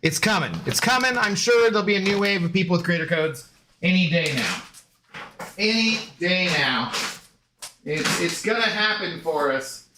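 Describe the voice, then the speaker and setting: A man's voice: high-pitched, animated, normal speed, noisy background. A man streaming a game in casual, rambling chat, joking with his dog and greeting viewers.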